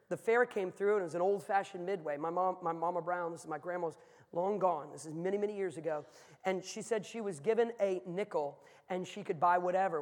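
This sermon comes from a man with a high voice preaching in a big church, where a long hall reverb carries his words away. Telling stories, he sinks to a whisper-like hush, then climbs to shouting.

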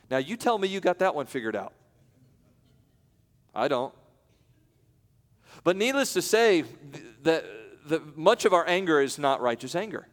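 A male pastor preaching a sermon in a conversational way, breaking off into quiet asides and then rising into loud, emphatic peaks. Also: mid-range voice, expressive, moderate pace, pauses often. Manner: conversational, with self-interruptions and light laughs. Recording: long hall reverb.

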